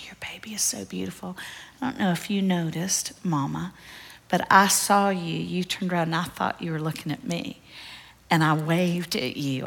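Woman giving a bible study talk, low raspy voice, earnest, keeps going soft and whispery. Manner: drops to a soft, breathy near-whisper at tender moments; earnest and emphatic, addresses listeners as y'all. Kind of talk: storytelling sermon. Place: church gathering.

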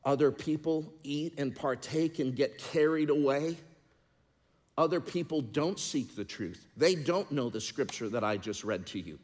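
A middle-aged male pastor delivering a sermon, mid-pitched and earnest, swinging from loud emphatic passages to quieter confiding stretches. His voice carries the long reverb of a large church hall. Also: a little slow.

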